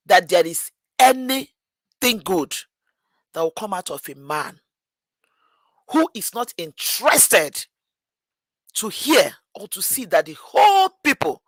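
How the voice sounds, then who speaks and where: A woman's voice: fairly low pitch, no echo. A woman caller giving a heartfelt, emotional speech on a live call-in, building and falling back with repetition.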